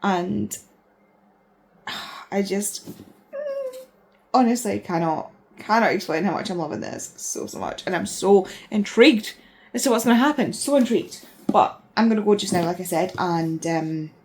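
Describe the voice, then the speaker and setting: A woman in her thirties, chatting casually and excitedly in a rambling way as a book vlogger, sounding tired. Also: medium pitch, moderate pace. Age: 30s. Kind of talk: casual vlog chat.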